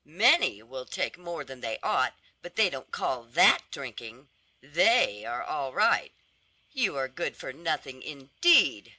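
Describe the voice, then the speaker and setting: A reader voicing a lame, gossipy old woman who chatters with pity and indignation in a storybook reading; the voice sits higher than the narration. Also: big pitch swings, slow pace, sharp tone, dry recording, exaggerated voice. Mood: indignant. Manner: sympathetic, scolding chatter.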